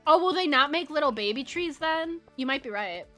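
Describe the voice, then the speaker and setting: A young woman eats and giggles her way through a farming game stream, chatting casually with viewers. Her high-pitched voice is expressive, fairly quick and fairly bright, with faint game music in the background.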